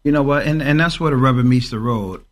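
A man's voice: mid-range voice, fast talker. A man co-hosting a Christian radio show, preaching emphatically and quoting scripture. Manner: emphatic, quotes scripture, exhorting.

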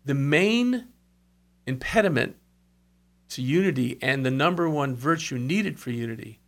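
A man's voice: medium pitch, lively intonation, measured pace. A man telling revival stories in conversation, earnest, with asides and quoted speech. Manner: earnest storyteller, quotes others, brief asides. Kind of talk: storytelling in conversation.

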